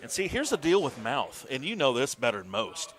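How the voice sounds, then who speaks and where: A man doing casual live commentary on a golf video game tournament, swearing and breaking into shouts. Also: mid-range voice, a little fast. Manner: excitable, swears, bursts into shouts.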